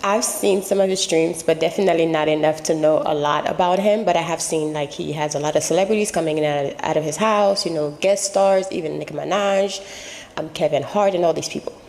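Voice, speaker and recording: A woman's voice: low-pitched, fairly quick, gravelly, darkish tone. Chatty woman host in a reverberant hall. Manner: chatty, rambling, emphatic. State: losing her voice. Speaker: channel host. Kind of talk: casual commentary.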